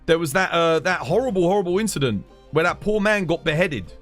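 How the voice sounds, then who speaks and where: Over soft background music, a British streamer goes on a casual, heated rant, cursing frequently and saying "dude" to his listeners again and again. He speaks a little fast, with a fairly high pitch, lively intonation and a fairly bright tone.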